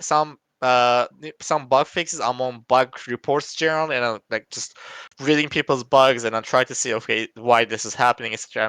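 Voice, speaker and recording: Bright, clear-voiced man thinking aloud. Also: medium pitch, no room sound. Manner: halting, restarts often, thinks aloud. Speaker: game developer. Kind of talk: casual podcast chat.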